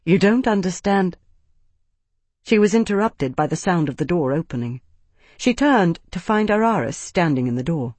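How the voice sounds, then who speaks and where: A narrator reading a novel in an even, measured way. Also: medium pitch, no echo. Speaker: audiobook narrator. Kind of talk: scripted narration.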